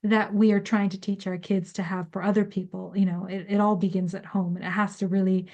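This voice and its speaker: A woman's voice: mid-range voice, level tone, a little mellow, highs cut off. A woman co-hosting a podcast, speaking reflectively about parenting and family consistency. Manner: reflective, agreeing listener, measured. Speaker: podcast co-host. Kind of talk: casual parenting discussion.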